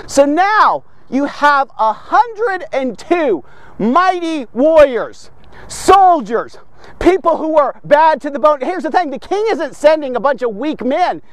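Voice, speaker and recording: A man's voice: extremely high pitch, big pitch swings, slow pace, no room sound. A man preaching a devotional podcast sermon, fervent and emphatic, asking and answering his own rhetorical questions.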